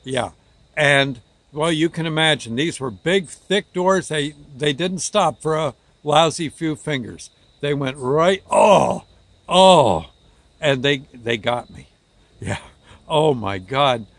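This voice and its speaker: A man telling a personal story casually, halting and restarting his words as he goes. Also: fairly high pitch, fairly bright tone, no room sound.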